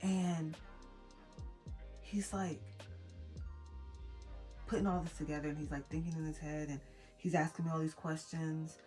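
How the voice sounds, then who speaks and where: A young woman vlogging to camera, telling an emotional personal story in a halting way with many restarts. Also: low voice, flat delivery, warm tone, faint music behind. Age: young adult. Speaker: mom vlogger.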